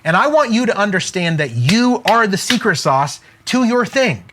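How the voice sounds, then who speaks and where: A middle-aged man coaching online entrepreneurs in an energetic, emphatic talk, peppered with "like" and "okay?". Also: high-pitched, moderate pace. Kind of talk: motivational direct-to-camera talk.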